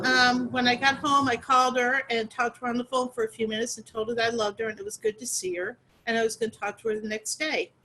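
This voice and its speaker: Earnest, halting middle-aged woman. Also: on the high side, fairly bright tone, a little hiss or hum, low-quality recording. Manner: earnest, halting, with fillers and repeats. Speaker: guest, sister of a murder victim. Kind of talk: interview.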